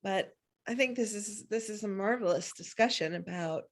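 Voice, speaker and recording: Halting woman teacher commenting. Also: medium pitch. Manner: halting, searching for words. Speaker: teacher, audience member. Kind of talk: discussion comment.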